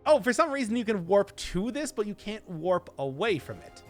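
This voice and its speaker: Lively Midwestern man streaming a game. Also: sits high, normal speed, faint music behind. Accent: Midwestern American. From Wisconsin, USA. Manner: chatty, laughs often, odd emphasis on words. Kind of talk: live gameplay commentary.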